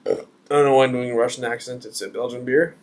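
A man's voice: mid-range voice, steady tone, fast, darkish tone. A man reviewing a beer on camera, chatty and joking as he thinks aloud. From Canada.

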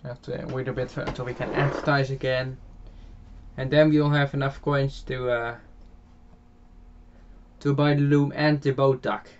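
A man with a Dutch accent talks through a farming game in a relaxed, halting way, often pausing on filler sounds and starting phrases over. His voice sits at a middling pitch. The home mic sounds dull and lo-fi. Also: slight background noise. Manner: hesitant, many filler sounds and restarts. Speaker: game channel host. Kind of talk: casual gameplay commentary voiced afterwards.

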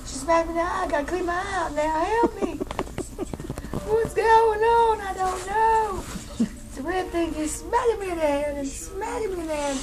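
A woman voicing a feisty, cranky house cat in a squeaky, cussing voice for a home video. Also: moderate pace, low-quality recording. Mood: sassy.

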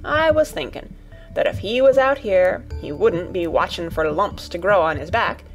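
A woman voicing a gentle, earnest farm boy in an audiobook reading, speaking in broad dialect over faint music. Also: lowish voice, animated, moderate pace, dull audio, close to an everyday voice. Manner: broad dialect, warm and coaxing.

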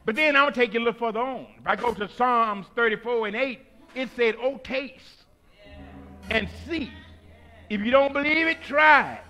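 High, bright-voiced whooping preacher. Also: male voice, moderate pace, faint music behind. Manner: whooping call-and-response preaching, swinging between shouts and hushed lines. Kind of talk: sermon. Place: church.

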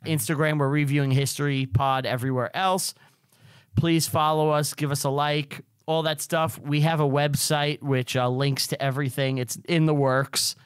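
A man co-hosting a casual podcast, talking in a relaxed, rambling way and sounding sleepy. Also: on the high side, normal speed, smooth, no room sound, studio quality. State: sleepy, yawning. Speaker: podcast co-host.

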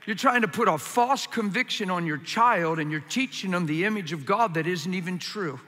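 A man preaching a sermon with passion, swinging from quiet, confiding lines to loud, urgent ones. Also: high-pitched, normal speed, few pauses. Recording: hall reverb.

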